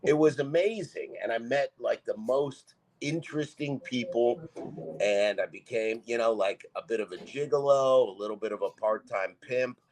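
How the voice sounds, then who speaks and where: A man from Canada spins loose, rambling comic stories as a podcast guest. His voice sits at an everyday pitch for a man. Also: normal speed, a little mellow, slight background noise, rough recording. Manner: rambling anecdotes with bursts of laughter. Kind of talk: casual comic storytelling.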